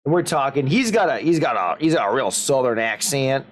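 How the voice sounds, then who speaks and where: A man from the Upper Midwest United States hosts a stream, chatting casually and telling rambling, joking stories in an animated way. His mid-range voice moves fairly quickly. There's slight background noise.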